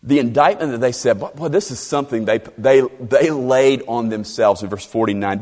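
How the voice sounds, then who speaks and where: A man preaching an expository sermon, emphatic and animated, repeating phrases for stress. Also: medium pitch, moderate pace, hardly any pauses. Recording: long reverb of a large hall.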